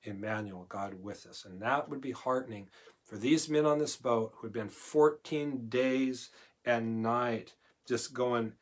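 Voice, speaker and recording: A male pastor giving a conversational verse-by-verse Bible teaching, moving between loud emphasis and quiet asides. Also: medium pitch, unhurried. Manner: conversational, swings from loud emphasis to near-murmur.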